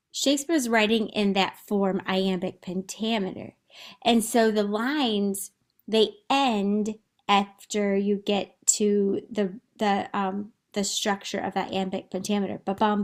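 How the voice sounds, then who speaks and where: A woman teacher giving a recorded literature lesson over slides, chatty and thinking aloud with small fillers and restarts. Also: mid-range voice.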